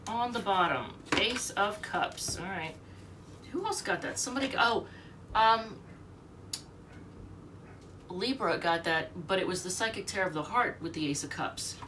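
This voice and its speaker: A woman's voice: mid-range voice, lively intonation, measured pace, long pauses, bright, forceful tone, distant mic, a little hiss or hum. A sick, short-of-breath woman giving a rambling, chatty tarot reading at home, reading the card meanings aloud. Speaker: tarot reader.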